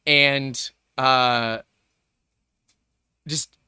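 A man's voice: medium pitch, sing-song, pushed and bright, clean tone, dry recording, studio quality. Tense, upset male live streamer. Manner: halting, stammering restarts and heavy sighs. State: upset and anxious. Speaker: live streamer and show host. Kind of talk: live-streamed tech talk.

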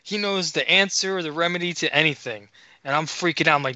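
A man tells a story on a podcast, voicing the people in it and swearing freely. His voice is bright and forceful. The recording is dull and dry. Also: on the high side, fast talker, dry recording. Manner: animated, profane, acts out dialogue. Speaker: podcast co-host. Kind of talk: casual storytelling.

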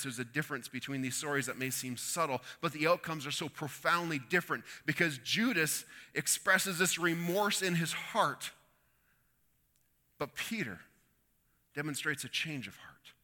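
Delivering a sermon, this preacher dramatizes the quotes within his story, his intensity swelling and easing. The voice is a little high, bright and forceful, trailed by a long reverb.

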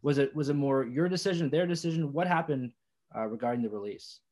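A man's voice: mid-range voice, fast, darkish tone. A young man hosting an interview, asking long, hesitant questions full of fillers. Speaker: podcast host.

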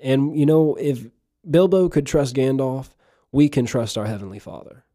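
A man's voice: mid-range voice, normal speed, warm tone, no room sound. A man hosting a casual devotional podcast, rambling and repeating himself as he talks. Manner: rambling, repeats words and restarts. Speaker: podcast host. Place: lives in Missouri.

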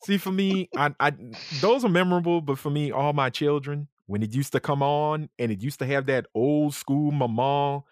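A podcast host chatting casually, an animated storyteller who acts out quotes and laughs often. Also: medium pitch, normal speed, hardly any pauses, dry recording, studio quality. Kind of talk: casual chat.

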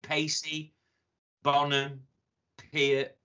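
A man's voice: a little high, completely flat delivery, very slow, bright, forceful tone, clear, resonant tone. A man chatting casually on a podcast as a co-host, enthusiastic and rambling, swearing as he talks. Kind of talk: casual chat. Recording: dull lo-fi sound.

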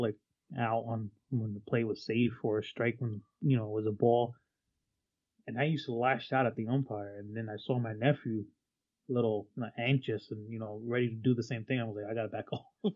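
A man in casual podcast chat, speaking in a calm, supportive and reflective way. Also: medium pitch, narrow, tinny audio.

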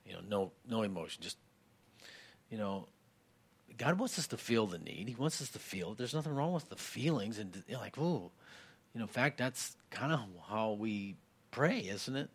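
A man preaching a sermon in a conversational way, with many fillers, growing more forceful when he reads scripture aloud. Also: on the low side, expressive, normal speed, husky. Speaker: pastor.

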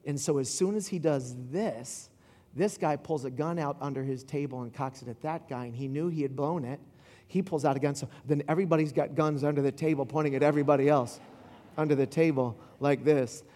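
A man giving a casual sermon in a church, retelling a film scene in an animated, rambling way. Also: on the high side, a little fast, long reverb tail. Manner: animated storytelling with asides and restarts. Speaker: pastor.

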